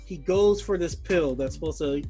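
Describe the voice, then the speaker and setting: High-voiced dude retelling a movie, jokey and slangy, faint music behind. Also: male voice, moderate pace. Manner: animated storytelling, jokey, slangy. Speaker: podcast co-host. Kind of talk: casual movie review chat.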